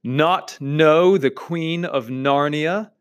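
A man's voice: on the high side, very slow, clean tone, pitched above the performer's own voice. A man reading aloud as a proud, cold and stern queen from a storybook, haughty and imperious.

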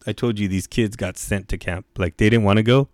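A man telling youth camp stories in casual chat, swearing a lot and calling his listener bro, acting out the shouting. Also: lowish voice, fairly even intonation, brisk, no room sound, studio quality. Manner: profane, slangy, keeps saying bro; acts out quoted yelling in raised voice. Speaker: guest, youth camp director.

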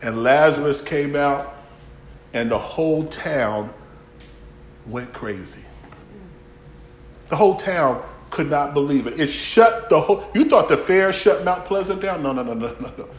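A man preaching a folksy sermon, swinging from shouts to near-whispers. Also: on the high side, lively intonation, measured pace, long pauses, reverberant. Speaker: pastor.

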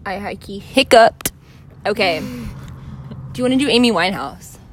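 Lively, giggly woman chatting. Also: mid-range voice, moderate pace, slight background noise. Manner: giggly, crude, playful. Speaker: friend doing celebrity impressions. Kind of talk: casual chat.

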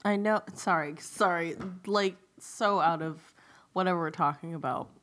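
A woman co-hosting a podcast in casual chat, animated and laughing, with quick asides and swearing. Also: on the low side. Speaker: podcast co-host.

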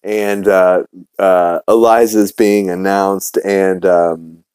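A man's voice: sits low, fairly even intonation, takes it slowly, a little mellow, clear, resonant tone, dry recording, poor audio. A man hosting a podcast who recaps an episode in a casual, rambling way, swearing freely. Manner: rambling, profane, full of fillers and restarts. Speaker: podcast host.

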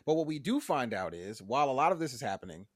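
A man co-hosting a podcast, retelling a show's plot in lively casual chat and acting out the characters in exaggerated voices, laughing often. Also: medium pitch, fast talker, no echo, clean studio sound. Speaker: podcast co-host recapping a show.

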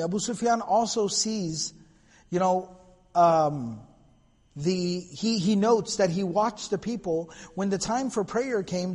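A man giving a religious history lecture, telling the story in an animated way and quoting Arabic phrases. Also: sits high. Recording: long hall reverb.

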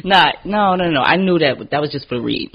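A woman hosting a casual podcast chat, telling animated stories and acting out what people said, often laughing. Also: deep voice, brisk, breathy edge, highs cut off. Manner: animated storytelling, acts out quotes, laughs often. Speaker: podcast host.

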